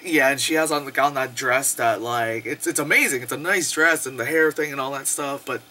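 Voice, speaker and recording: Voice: mid-range voice, fairly quick, sharp tone, a little hiss or hum. A young adult movie reviewer giving a casual, profane, sarcastic rant and laughing often.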